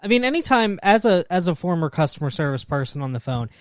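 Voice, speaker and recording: A young man co-hosting a podcast, telling jokes in a deadpan way between laughs. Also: high-pitched, quick pace, dry recording, studio quality. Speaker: podcast co-host. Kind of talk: casual comedic chat.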